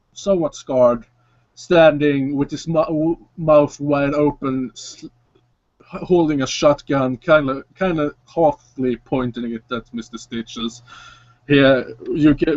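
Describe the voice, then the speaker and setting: A man running a tabletop role-play as game master, narrating in a casual, halting way. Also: fairly high pitch, no echo. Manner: casual, halting, with frequent fillers. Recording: dry, dull lo-fi sound.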